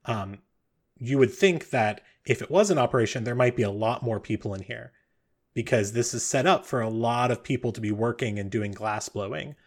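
A man's voice: medium pitch, moderate pace. A man running a tabletop game as game master, narrating with many fillers and restarts. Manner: rambling, with frequent fillers.

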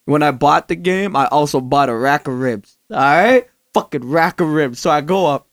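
A man's voice: fairly high pitch, animated, normal speed, fairly bright tone, no room sound, clean studio sound. A man telling a rowdy, profane story in casual chat, laughing often as he goes. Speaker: podcast co-host telling a story.

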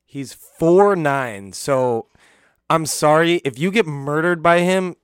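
A man's voice: on the high side, expressive, slow, clean tone, no room sound, studio quality. A man in casual chat, making blunt, crude jokes.

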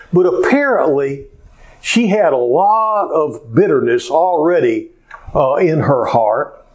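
A pastor preaching a sermon, telling a story in an animated way with frequent hesitations. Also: male voice, a little high, rough recording.

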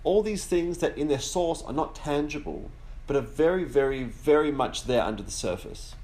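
A man hosting a podcast, giving a relaxed religious teaching that slows down on key words and builds through long lists. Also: on the high side. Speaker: podcast host teaching on the Sabbath.

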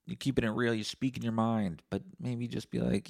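A man's voice: mid-range voice, steady tone, brisk, creaky, few pauses. A man hosting a casual solo podcast, talking in a profane, sarcastic, rambling way. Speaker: podcast host.

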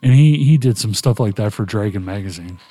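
A man's voice: lowish voice, lively intonation, brisk, dark tone, no echo. A man hosting a podcast, telling a long, rambling story in casual chat. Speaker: podcast host.

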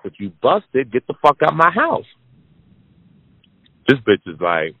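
A man hosting a podcast, telling a long personal story to his audience in a lively, profane way, repeating lines for emphasis. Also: mid-range voice, a little slow, pauses often. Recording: dry, phone-like narrow sound.

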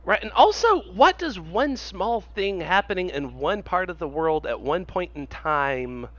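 A man co-hosting a casual podcast chat, sarcastic and jokey, riffing with animated tangents. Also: high-pitched, measured pace, no echo. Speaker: podcast co-host. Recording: dull lo-fi sound.

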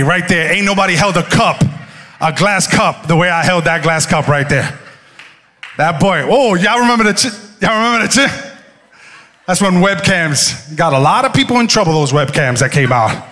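A young man preaching a sermon, telling stories in an animated way and acting out voices. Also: a little high, moderate pace. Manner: animated storytelling, acts out voices and laughs. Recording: hall reverb.

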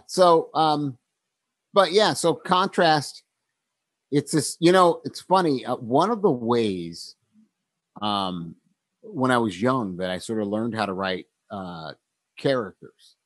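A man's voice: medium pitch, lively intonation, no echo. A thoughtful man chatting about writing. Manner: thoughtful, with many pauses and ums, laughs easily. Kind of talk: casual conversation about writing.

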